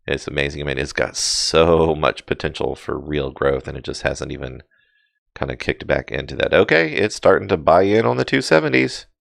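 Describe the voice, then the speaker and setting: A man's voice: extremely low pitch, animated, moderate pace, creaky, no echo, clean studio sound. A man giving casual live crypto chart commentary, rambling with many fillers and self-deprecating asides. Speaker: crypto market streamer.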